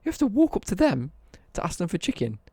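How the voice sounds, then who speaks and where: A man's voice: sits high, wildly swooping pitch, quick pace, dark tone, husky, no echo. A young British man ranting on a casual live stream, sweary and worked up.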